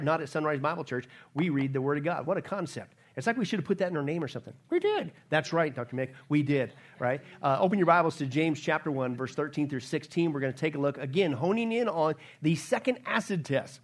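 A man preaching a sermon as pastor, emphatic, often asking the congregation questions and answering them himself. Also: a little high. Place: church sanctuary.

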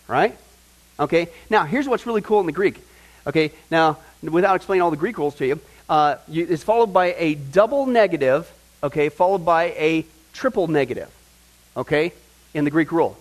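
Man, high voice, Bible teacher, chatty and emphatic, keeps checking the room. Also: fast, poor audio. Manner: conversational, checks in often with "right?" and "okay?"; emphatic, builds to excited points.

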